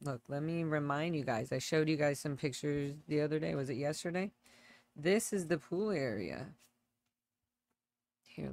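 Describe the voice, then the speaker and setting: A woman's voice: sits low, vocal fry, darkish tone, no room sound. Middle-aged woman, livestream host; loose, rambling commentary with exclamations. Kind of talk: casual livestream commentary over videos.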